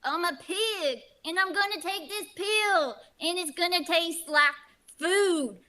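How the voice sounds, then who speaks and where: A woman's voice: very high-pitched, slow, pushed and bright, heavily acted. A woman playing an eager, odd small auditioner who rambles and makes animal noises, over a video call.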